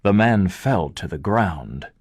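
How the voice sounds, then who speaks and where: A male English teacher narrating a story slowly and deliberately for language learners. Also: deep voice, animated, husky, no room sound, clean studio sound.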